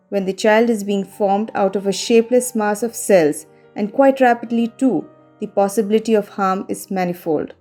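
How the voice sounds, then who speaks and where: A woman narrating a scripted story in a measured, calm and careful voice. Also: mid-range voice. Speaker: voice-over narrator. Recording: faint music behind the voice.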